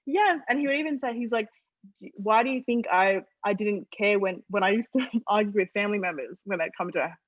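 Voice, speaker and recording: A young woman from Australia, a guest on an interview podcast, telling family stories in an animated way and laughing often. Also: medium pitch, quick pace, no room sound, phone-quality sound. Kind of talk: casual storytelling interview.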